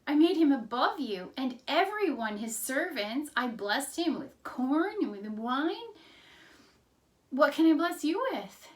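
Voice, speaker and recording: A solemn old blind patriarch, voiced by a woman teacher speaks slowly and gravely. His pitch sits a little high. He weighs each word of his blessing. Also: very animated, recorded from a distance. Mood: distressed. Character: aging blind father patriarch, solemn and shaken.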